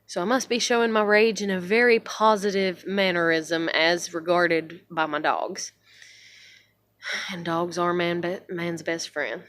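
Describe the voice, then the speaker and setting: A woman's voice: on the low side, fairly even intonation, measured pace, a bit bright. A young woman ranting in a blunt, heavily profane vlog monologue at home. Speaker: vlogger.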